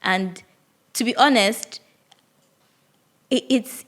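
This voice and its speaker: A woman's voice: mid-range voice, animated, extremely slow, long pauses. A young woman, hosting a solo podcast and reflecting candidly aloud, with frequent restarts. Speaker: podcast host.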